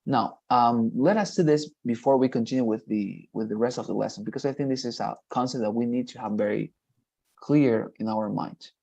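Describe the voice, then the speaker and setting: A man's voice: mid-range voice, vocal fry, dark tone, muffled recording. Male English tutor, encouraging, patient explainer, mid-range voice. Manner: encouraging, repeats praise, explains slowly. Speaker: English teacher. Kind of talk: one-on-one online lesson.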